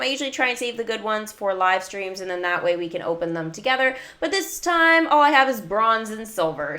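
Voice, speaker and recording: Bright-voiced woman gaming streamer. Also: mid-range voice. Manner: chatty, talks to chat and viewers. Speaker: gaming livestreamer. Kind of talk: casual livestream commentary.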